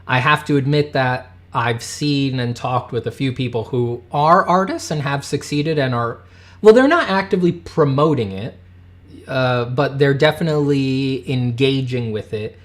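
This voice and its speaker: A man in his thirties rants on his livestream, reading chat messages aloud between outbursts. He swears freely and his voice swings from loud, pitched-up anger down to low, quiet grumbling. His pitch sits in the middle range. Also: moderate pace. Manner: heated, swearing, swings from shouting to muttering. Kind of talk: casual livestream rant.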